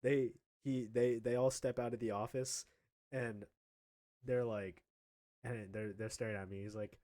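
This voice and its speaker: A man's voice: medium pitch, measured pace. A young man casually telling a story about his school days, laughing often and acting out the other people in it. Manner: animated, laughing, acts out other people's lines.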